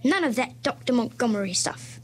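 A booming, jolly uncle, chatty and welcoming, who loves to explain things, read aloud by a woman from a children's novel. The voice is pitched a little above the reader's own. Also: expressive, fairly quick, a little hiss or hum, close to an everyday voice, rough recording. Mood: cheerful. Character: jolly, hearty middle-aged man who loves snakes.

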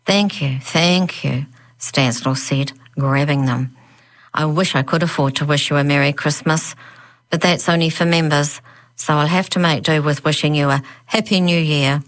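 A woman reading a children's story aloud, gently voicing its characters. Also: low voice, steady tone, moderate pace. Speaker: narrator. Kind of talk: audiobook narration.

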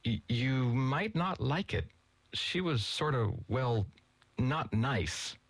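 A man voicing a hesitant, halting teenage boy in a read-aloud story. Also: mid-range voice, lively intonation, breathy edge, no room sound, voice pushed up, heavily acted.

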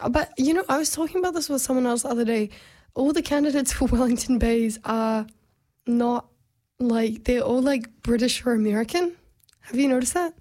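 A woman's voice: a little high, normal speed, dark tone. A young woman co-hosting a casual political chat, her voice a little strained, talking with many fillers. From New Zealand. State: strained voice after losing it. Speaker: podcast co-host.

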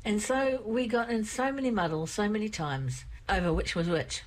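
Older woman with a croaky throat. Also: medium pitch, normal speed, poor audio. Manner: rambling, candid, repeats herself. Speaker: vlogger. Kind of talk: casual personal storytelling.

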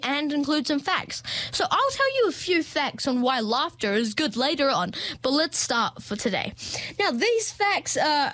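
A woman's voice: high voice, no room sound. A young woman, hosting a podcast in a playful, chatty comedic monologue full of fillers and jokey asides. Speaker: podcast host.

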